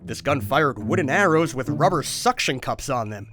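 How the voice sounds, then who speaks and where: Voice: medium pitch, expressive, normal speed. A host giving a comedic overview of toy history, with wry, exaggerated comic outbursts.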